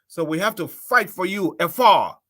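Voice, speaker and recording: A man's voice: high-pitched, expressive, moderate pace, pushed and bright. A middle-aged Liberian man hosting a live political talk show, making impassioned appeals to his viewers.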